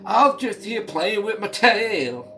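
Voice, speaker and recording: A man putting on the voice of a dim young man who feigns innocence, drawling slowly and mockingly. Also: sits high, very animated, sharp tone, faint music behind, heavily acted.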